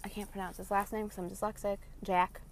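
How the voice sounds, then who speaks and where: A woman ranting casually in a vlog, cursing freely and telling a story about her loud mother. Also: mid-range voice, fairly quick, slight background noise. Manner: profane, animated storytelling with loud imitations. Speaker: vlogger. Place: in her parked car.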